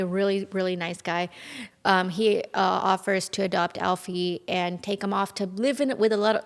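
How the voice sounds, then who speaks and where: Young woman, podcast guest, chatty storyteller with a bit of fry, reverberant room. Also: medium pitch. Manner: animated, quotes people often, frequent fillers. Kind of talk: casual storytelling. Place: home in Texas.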